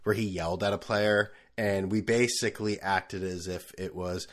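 A man's voice: deep voice, steady tone, moderate pace. A man hosting his own podcast, talking alone in a rambling, profane and sarcastic way. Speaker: podcast host. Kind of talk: casual solo chat.

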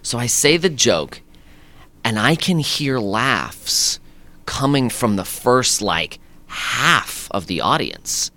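A man, an actor guest, telling lively anecdotes in a conversation, acting out what people said. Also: medium pitch, slow pace. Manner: lively anecdotes with acted-out quotes and laughs. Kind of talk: animated storytelling in conversation.

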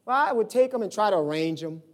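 A pastor delivers his sermon at a quick, expressive pace, telling stories and voicing the characters himself. He swings between shouts and low asides.

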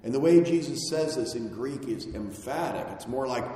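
A man preaching a sermon, slow and emphatic, with phrases that fall away at the ends. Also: mid-range voice, mellow. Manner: slow, emphatic delivery with falling phrase endings. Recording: very echoey hall with long reverb.

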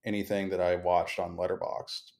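A man's voice: low voice, little pitch movement, moderate pace, a little mellow. A man co-hosting a podcast in casual chat from a hotel room, speaking in a wordy, articulate way over a remote call. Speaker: podcast co-host. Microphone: remote call recording.

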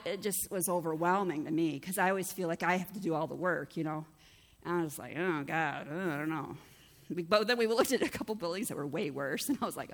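A middle-aged woman pastor, her voice pitched a little high as she preaches. She tells stories in a conversational way and acts out the voices she quotes. Her voice carries a long reverb from a church hall. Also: a bit bright. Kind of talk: sermon.

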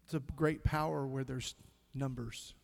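Emotional pastor, gravelly voice, reverberant hall. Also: male voice, mid-range voice, steady tone, a little mellow. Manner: emotional, halting, sighs and trails off into near-whispers. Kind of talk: sermon storytelling.

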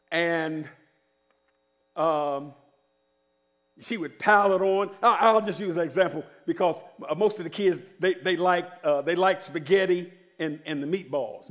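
A middle-aged man preaching a sermon as pastor, calling on the congregation to answer and stretching out key words. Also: sits high. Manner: preaching with call-and-response to the congregation; drawn-out emphatic phrasing when reading scripture.

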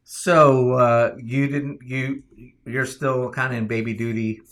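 Male podcast co-host, casual, animated storyteller who laughs through his jokes. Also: mid-range voice, takes it slowly. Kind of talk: casual chat.

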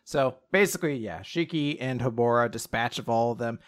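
A young man co-hosting a podcast, casually recapping an anime, animated, swearing and acting out quotes. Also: mid-range voice, brisk. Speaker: podcast co-host.

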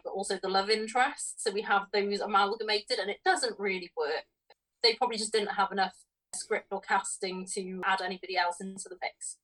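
A woman's voice: medium pitch, a bit bright. Wry woman, a little off-mic. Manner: wry, dismissive criticism with laughs. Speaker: podcast co-host. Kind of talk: casual film review chat. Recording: voice distant from the mic.

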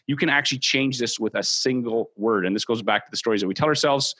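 Man in his forties, podcast host, quick energetic coaching delivery. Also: mid-range voice. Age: 40s. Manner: energetic, acts out quoted thoughts. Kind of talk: motivational coaching talk.

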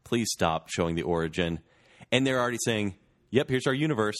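A man's voice: lowish voice, animated, brisk. A man co-hosting a casual podcast, chatty and rambling, laughing easily. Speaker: podcast co-host. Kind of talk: casual chat.

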